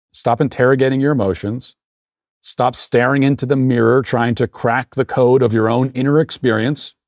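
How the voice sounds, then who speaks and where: Man, show host, opinion monologue, emphatic, blunt, lecturing, mid pitch. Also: darkish tone, dry recording, studio quality. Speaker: political commentator hosting a show.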